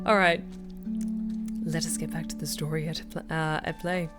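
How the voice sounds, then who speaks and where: Low-voiced and fairly flat in pitch, a woman takes it slowly with long pauses. A voice actor, she chats casually and cheerfully on a live game stream over background music, with frequent fillers and laughter.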